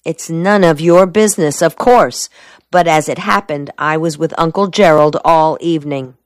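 A woman's voice: sits low, moderate pace, no echo, studio quality, close to an everyday voice. A woman reading the part of a teasing, evasive young woman with a mocking drawl in an audiobook. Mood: wistful.

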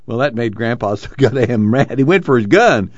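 A man's voice: mid-range voice, lively intonation, moderate pace, no room sound, highs cut off, lightly acted. A man voicing an older rural farmer father who rambles on in folksy dialect, the words tumbling out between chuckles. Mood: amused.

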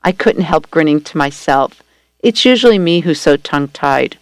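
A woman reading a first-person story aloud at a steady, gentle storytelling pace. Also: low-pitched, normal speed, no room sound. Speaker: story reader.

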